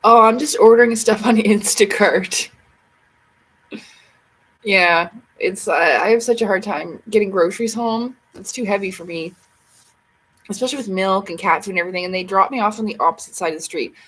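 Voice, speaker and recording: Woman livestream host, husky voice, chatty and rambling, everyday casual talk. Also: mid-range voice, normal speed, fairly bright tone, low-quality recording. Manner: chatty, rambling, talks to herself and viewers.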